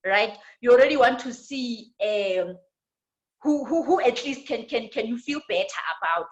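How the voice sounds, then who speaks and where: South African woman teaching, higher voice. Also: expressive, measured pace, low-quality recording. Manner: tag questions, repetitions. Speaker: women's ministry trainer. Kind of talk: church leadership teaching.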